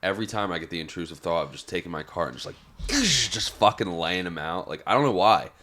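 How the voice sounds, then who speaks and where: A man's voice: deep voice, lively intonation, quick pace, bright, forceful tone, slight background noise. A man co-hosting a podcast in casual, joking, profane chat who often trails off into a mumble. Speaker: podcast co-host.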